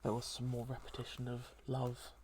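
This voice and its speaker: A host talking through a heartfelt solo chat in a soft, hesitant and reflective way, with many pauses and ums. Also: medium pitch, monotone, slight background noise. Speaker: daily channel host.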